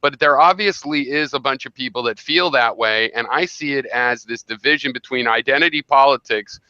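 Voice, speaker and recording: A man's voice: mid-range voice, moderate pace, sharp tone, clear, resonant tone, no echo. A man hosting a political talk, insisting on his point and restarting his sentences as he explains. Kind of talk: political discussion. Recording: dull, dry lo-fi recording.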